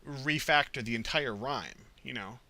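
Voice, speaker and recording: A man's voice: medium pitch, measured pace, sharp tone, no room sound. A man co-hosting a casual writing podcast, easygoing, with many fillers and repeated words. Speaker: podcast co-host.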